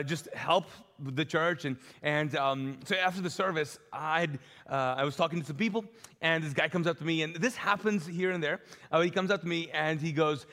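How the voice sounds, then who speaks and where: Man preaching in a reverberant church hall. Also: fairly high pitch. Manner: animated, conversational, acts out dialogue with self-deprecating humor. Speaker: pastor. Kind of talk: live sermon with storytelling. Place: large church auditorium.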